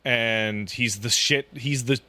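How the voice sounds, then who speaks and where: A man co-hosting a podcast, retelling a video game story in casual chat, profane and quick to laugh. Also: mid-range voice. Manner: animated, profane, breaks into laughter and mock voices. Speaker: podcast co-host.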